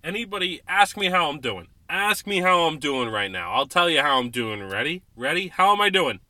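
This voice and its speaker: A man with a fairly high, bright and forceful voice rants through a casual sports podcast with a few beers in him. He swears freely and bursts into loud outbursts of exasperation. The sound is close and dry, with no room around it. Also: sing-song, normal speed, no echo. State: drinking beer, tipsy. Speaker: podcast host.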